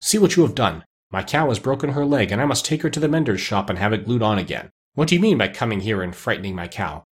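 Brief: man doing a cross milkmaid figurine for a storybook, husky and lively. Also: lowish voice, quick pace, few pauses. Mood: angry. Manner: angry scolding. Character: cross little china milkmaid, woman.

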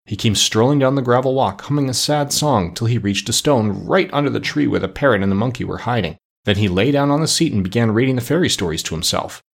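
A man narrates a children's storybook in a measured, expressive manner. His voice is husky and sits at an ordinary pitch. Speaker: audiobook narrator.

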